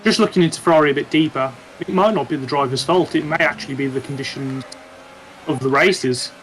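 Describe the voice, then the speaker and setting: Measured man with a higher voice. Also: fairly bright tone, slight background noise, poor audio. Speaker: podcast co-host. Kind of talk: casual chat.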